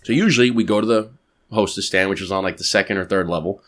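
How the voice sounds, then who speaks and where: A man's voice: low-pitched, fast, a bit bright. A man hosting a podcast, telling a long anecdote in casual, profane chat and checking in with "right?" as he goes. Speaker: podcast host.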